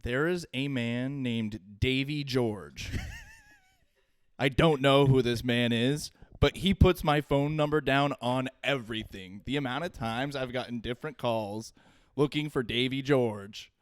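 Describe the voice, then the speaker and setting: A man's voice: mid-range voice, a little slow, smooth, no echo, studio quality. A young man co-hosting a podcast in casual chat, laughing often and telling short anecdotes. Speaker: podcast co-host.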